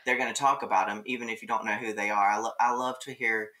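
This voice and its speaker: A man from Mississippi, a guest in a casual chat, easygoing and quick to laugh, thoughtful when he explains. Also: lowish voice, steady tone, pushed and bright, rough recording.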